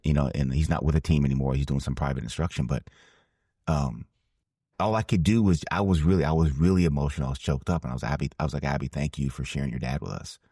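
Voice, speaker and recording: In a dry, clean studio recording, a former ballplayer turned broadcaster in his forties tells a heartfelt story as a podcast guest answering an interview question. His voice is very deep, warm and slightly rough, and he speaks with earnest emphasis, repeating phrases to drive them home.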